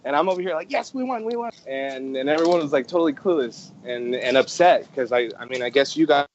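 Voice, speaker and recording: A man's voice: medium pitch, fast. A man in casual chat who laughs often and agrees in short replies. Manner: laughing, brief backchannel agreement. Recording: dull lo-fi audio with faint noise.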